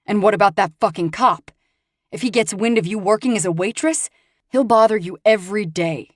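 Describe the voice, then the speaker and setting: A woman's voice: medium pitch, moderate pace, dry recording, clean studio sound, natural voice. A woman voicing a brooding, protective, hot-tempered young man in an audiobook, blunt and bossy. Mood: angry. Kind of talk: audiobook character reading.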